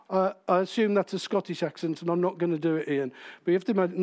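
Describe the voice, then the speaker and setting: Male preacher, high voice, chatty sermon, questions for the congregation. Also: fairly even intonation, fast talker, a little mellow. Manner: conversational, asks the congregation questions.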